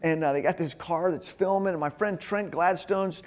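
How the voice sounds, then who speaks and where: A man leading a men's church group, telling a lively story and acting out scenes. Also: high voice, moderate pace. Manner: storytelling, energetic, acts out scenes. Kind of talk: animated church talk.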